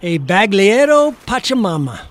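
A man's voice: high-pitched, big pitch swings, moderate pace. A man voicing a boastful young bro with a brash, salesy patter.

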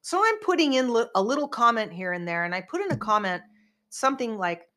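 A woman's voice: fairly high pitch, very animated, brisk, a bit bright. A woman hosting a podcast in casual chat, rambling and emphatic as she vents. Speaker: podcast host.

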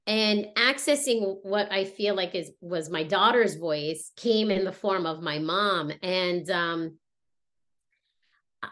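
A woman in her thirties talking casually and reflectively about her family, pausing often with fillers and restarts. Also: fairly low pitch, fairly bright tone. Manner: halting, many fillers and restarts. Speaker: guest sharing a personal story.

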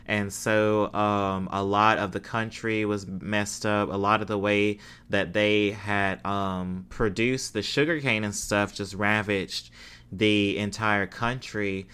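A man's voice: fairly low pitch, level tone, slow, a bit bright, clear, resonant tone. A man giving a casual spoken history talk, hesitant, with frequent fillers and self-deprecating asides.

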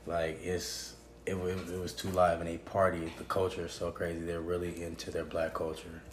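Deep-voiced profane young man, echoey room. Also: completely flat delivery, normal speed, a little hiss or hum. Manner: loud, profane, laid-back drawl. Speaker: podcast guest. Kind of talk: casual chat.

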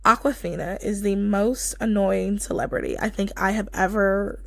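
A woman's voice: mid-range voice, fairly even intonation, moderate pace, creaky, a bit bright, dry recording. A young woman co-hosting a podcast, gushing in casual chat with lots of fillers. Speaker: podcast co-host.

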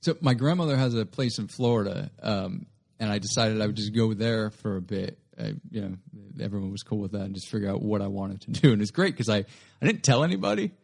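A man's voice: fairly low pitch, a little fast, creaky, a little mellow. A young adult man, a guest comedian, telling a rambling story in a casual interview and often correcting himself mid-sentence.

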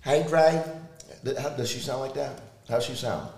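A man's voice: mid-range voice, a little fast, vocal fry, very noisy. A man co-hosting a podcast, playfully teasing the others in casual chat. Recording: echoey room.

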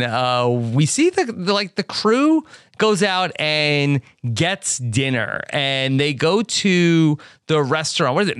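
Man, casual recap chat, sarcastic, smooth voice, lively pitch. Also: no room sound, studio quality. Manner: sarcastic, mock-exasperated asides. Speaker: podcast host.

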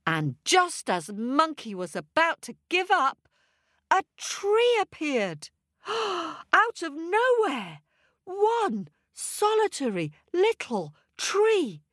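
Slow, animated woman storyteller. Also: sits high, no room sound, studio quality. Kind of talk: children's story reading.

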